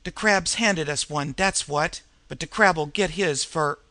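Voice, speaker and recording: A man voicing a gruff, nervous male street crook with a New York street dialect, growling and snarling irritably. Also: a little high, measured pace, pushed and bright, no room sound. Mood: enraged.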